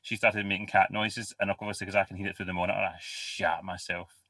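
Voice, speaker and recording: Deep, deadpan man. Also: fast, no echo. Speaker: podcast co-host. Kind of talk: casual storytelling. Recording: dry distant mic.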